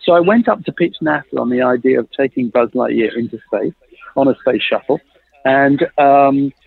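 A man's voice: medium pitch, slightly rough, no room sound. A man telling a long story in a chat, acting out the dialogue he quotes. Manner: lively, acts out quoted dialogue, laughs often. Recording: tinny phone-like line, dry.

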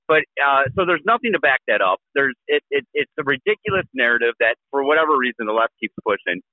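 A man joking and telling a story in a fast, animated way as a guest on a political talk show. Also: mid-range voice, no room sound. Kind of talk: casual political chat. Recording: tinny phone-like call line.

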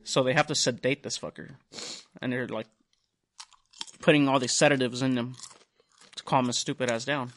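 A man's voice: medium pitch, normal speed, pauses often. A young man hosting a podcast, telling a long profane story in casual chat, acting out the other people's lines. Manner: profane, animated storytelling with quoted voices. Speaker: podcast host.

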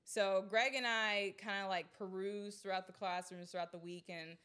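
A woman's voice: mid-range voice, steady tone, normal speed, a bit bright, clear, resonant tone. A young woman co-hosting a casual podcast, talking loosely with lots of fillers and frequent giggles. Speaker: podcast co-host. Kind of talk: casual chat.

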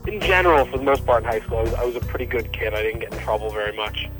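A man's voice: medium pitch, very fast, music in the background, rough recording. A man casually telling a personal story for a radio show, acting out the dialogue as he goes. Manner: casual, acts out quoted dialogue.

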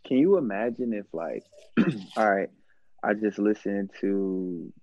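A man's voice: on the low side, animated, takes it slowly, darkish tone, muffled recording, slight background noise. A man talking as a podcast guest, laid-back and rambling, with lots of filler words. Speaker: guest, music artist. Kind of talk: casual chat.

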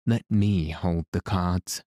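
A man reading the lines of a cool, mocking gentleman adventurer in an audiobook. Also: low voice, slow pace, no room sound.

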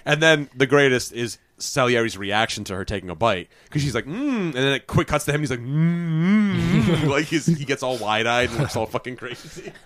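A man's voice: medium pitch, brisk, hardly any pauses. A man co-hosting a casual podcast, telling behind-the-scenes stories and acting out quotes. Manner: lively storytelling, acting out quotes. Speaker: podcast co-host. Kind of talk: casual film discussion.

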